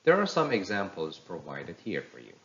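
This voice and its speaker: A man teaching English pronunciation, reading practice words slowly and clearly for learners to repeat. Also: deep voice, wildly swooping pitch, a bit bright, muffled recording. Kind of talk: slow teaching with drills.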